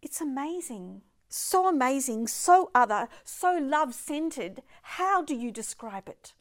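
Older woman, high voice, emphatic devotional speaker who slips into whispers and piles up words of praise. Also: sing-song, a little slow. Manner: emphatic, often drops to a soft whisper. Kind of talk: devotional talk.

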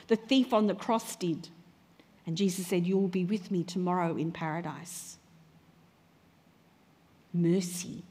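A woman's voice: mid-range voice, breathy edge. Woman preaching in a reverberant hall. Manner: conversational preaching, rising to loud cries when quoting prayers. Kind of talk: sermon.

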